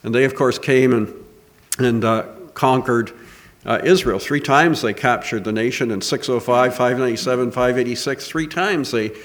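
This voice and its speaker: An earnest man preaches a sermon in a mid-range voice. He lifts his voice when reading scripture, then settles into a quieter, halting manner full of small pauses. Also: mid-range voice.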